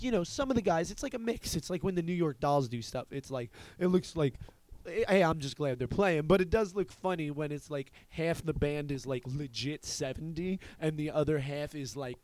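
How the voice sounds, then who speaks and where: Man in his thirties, casual chat, rambling, cussing, raised pitch, dry room. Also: dry recording. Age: 30s. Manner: rambling, profane, animated storytelling. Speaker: podcast host.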